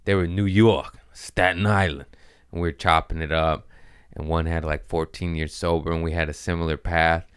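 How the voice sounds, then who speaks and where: A man's voice: low voice, little pitch movement, moderate pace, fairly bright tone, clean tone, no room sound, clean studio sound. A man chatting on a podcast, telling loose, rambling stories with frequent laughs, swearing and restarts. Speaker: podcast guest comedian. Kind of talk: casual storytelling chat.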